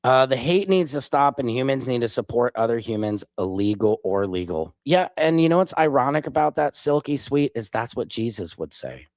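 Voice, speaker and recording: A man's voice: medium pitch, expressive, normal speed, hardly any pauses, no echo. A man hosting a live stream, reading chat comments aloud and answering them in a combative, sarcastic way. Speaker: livestream host.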